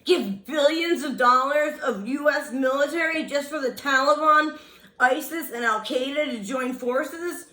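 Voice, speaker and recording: A woman's voice: sits high, unhurried, sharp tone. A woman delivering a sarcastic, scathing political rant as a vlogger. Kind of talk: ranting political monologue. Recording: roomy echo.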